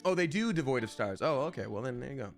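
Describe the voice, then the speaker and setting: A man's voice: medium pitch, expressive, fast talker, vocal fry, faint music behind. A man streaming live, chatting casually in a playful, rambling way and reading viewers' names aloud. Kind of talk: casual livestream chat.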